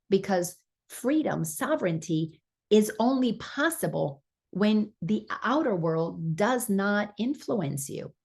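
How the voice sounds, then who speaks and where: A woman with a low, husky voice talks through a spiritual lesson. She is earnest and encouraging, and sometimes restarts a phrase as she goes. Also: darkish tone. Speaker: spiritual teacher.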